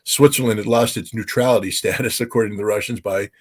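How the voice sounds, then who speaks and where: A man's voice: on the low side, steady tone, fast, husky. A man who used to be a weapons inspector, talking as an interview guest in an emphatic way, with many uh and um fillers. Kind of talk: casual interview talk.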